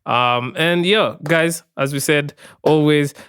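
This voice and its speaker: Young man, podcast co-host, easygoing slangy talk, smooth clean voice, dry close sound. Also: fairly high pitch, slow pace, fairly bright tone, no echo. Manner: laid-back, says bro and man a lot. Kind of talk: casual podcast chat.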